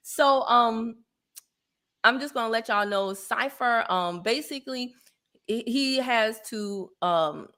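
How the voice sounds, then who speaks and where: A woman's voice: fairly high pitch, lively intonation, slow, long pauses. A woman hosting a casual livestream, chatty and laughing often as she greets viewers. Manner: chatty, gives shout-outs, laughs often. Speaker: livestream host.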